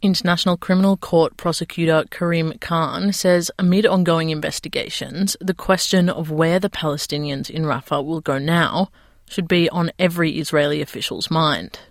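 A male news reporter reading a voice-over in an even, measured way. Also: a little high, no echo, clean studio sound.

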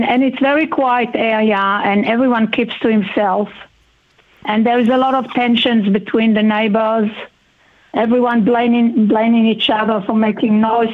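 Halting woman on a tinny phone line. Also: on the high side. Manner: halting, heartfelt, slow with many pauses. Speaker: radio interview guest. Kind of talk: phone-in radio interview. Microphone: telephone.

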